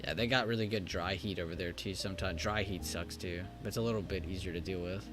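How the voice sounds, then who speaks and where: A man's voice: sits low, fast talker, over music. A man hosting a live stream, chatting casually about trades with frequent fillers and easy laughter. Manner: laid-back, chatty, laughs easily, many fillers. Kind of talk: casual chat while reviewing trades. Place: home studio in Texas.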